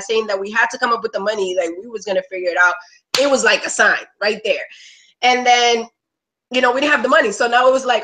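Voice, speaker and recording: A woman in her thirties shares an emotional personal testimonial, her fairly high, fairly bright voice captured on a rough recording. She rambles, leaning on "like" and "you know," and at times comes close to tears.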